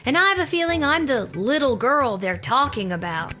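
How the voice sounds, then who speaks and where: A sassy twelve-year-old girl in a video game, blunt and teasing. Her voice is bright, lively and fairly high, with soft game music behind. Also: normal speed, exaggerated voice. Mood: matter-of-fact.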